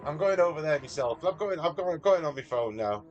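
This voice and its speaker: A man's voice: on the high side, expressive, brisk, lo-fi sound, slight background noise. Chatty Mancunian man live-streaming. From Manchester, England. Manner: chatty, matey, reads out viewers' messages. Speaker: livestreamer. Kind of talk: casual live-stream chat.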